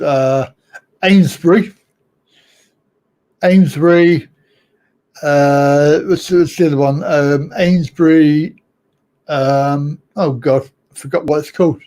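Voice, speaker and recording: A man hosts a casual live-stream chat in an unhurried drawl. His voice sits fairly high yet sounds soft and mellow, and he rambles, second-guesses himself and ribs his viewers with a chuckle. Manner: rambling, chuckling, self-correcting, teasing viewers. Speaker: host of a live chat show.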